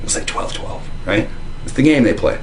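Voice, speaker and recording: A man's voice: medium pitch, animated, moderate pace, creaky, a little hiss or hum, rough recording. A man at home giving a heated, rambling monologue on religion, full of restarts and repeated phrases. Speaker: religious video commentator. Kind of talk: casual monologue to camera. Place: at home, indoors.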